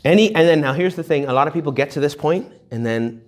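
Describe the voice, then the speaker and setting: A man's voice: on the high side, fast. A man giving a humorous retreat talk to young adults, joking and acting out little quoted voices. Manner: jokey, animated, acts out little quoted voices. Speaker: retreat speaker.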